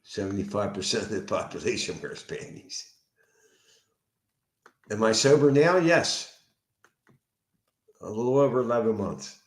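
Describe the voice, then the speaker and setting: A man with a Philadelphia accent, a sober house manager, telling a story at home in an animated, profane way. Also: on the low side, measured pace, pauses often. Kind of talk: casual venting monologue. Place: indoors at home. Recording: roomy echo.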